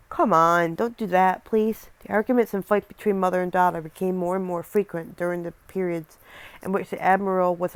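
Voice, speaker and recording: A woman's voice: on the low side, dry recording. A young woman reading a scary story aloud and breaking off for casual, rambling asides, often stumbling over words.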